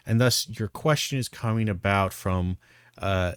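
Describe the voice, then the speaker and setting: A man's voice: fairly low pitch, expressive, unhurried, no room sound, studio quality. A man giving blunt, profane reaction commentary, exasperated and full of restarts. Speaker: commentary streamer.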